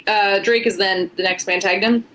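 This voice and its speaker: A woman's voice: mid-range voice, fairly even intonation, normal speed, fairly bright tone, poor audio. A woman co-hosting a podcast, giving a casual, swearing play-by-play recap of wrestling matches. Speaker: podcast co-host. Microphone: headphones.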